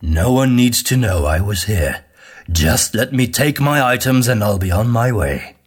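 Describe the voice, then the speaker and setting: Man doing a gruff, weary witch hunter. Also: expressive. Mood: calm, persuasive. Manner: low, slow and gruff, quietly persuasive. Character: weary, arrogant middle-aged male witch hunter.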